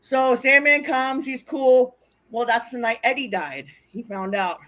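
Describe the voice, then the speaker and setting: A woman telling wild road stories in casual chat, animated and profane, acting out what people said. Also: sits high, measured pace, a little hiss or hum. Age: older. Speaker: wrestling interview guest. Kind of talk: casual storytelling.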